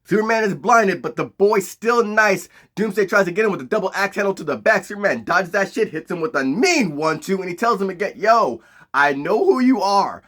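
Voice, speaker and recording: Animated, profane man doing a comedic recap. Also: sits high, brisk, few pauses. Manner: animated, profane, slangy storytelling.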